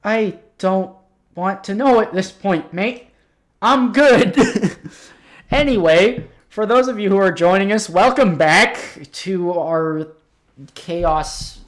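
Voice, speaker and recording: A man's voice: sits high, slow pace. A man chatting casually on a stream as game master, joking and laughing often.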